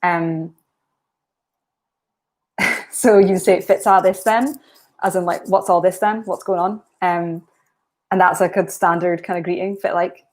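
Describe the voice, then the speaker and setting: A young Scottish woman with a lowish voice talks to her stream in a loose, rambling way. She fills her sentences with ums and likes and wanders from one thought to the next. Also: level tone, unhurried, pauses often. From Aberdeen, Scotland. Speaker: writing livestream host. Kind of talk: casual live-stream chat.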